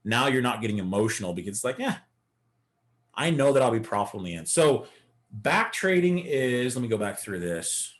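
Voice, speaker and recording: A man's voice: medium pitch, sing-song, brisk. A man teaching a live beginner day-trading lesson, coaching and talking through chart examples. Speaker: trading instructor.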